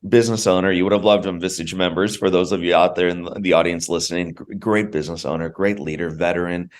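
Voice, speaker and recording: Deep-voiced man telling his story earnestly. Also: fairly even intonation, quick pace. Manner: earnest, heartfelt, repeats words for emphasis. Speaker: podcast guest. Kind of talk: personal storytelling in conversation.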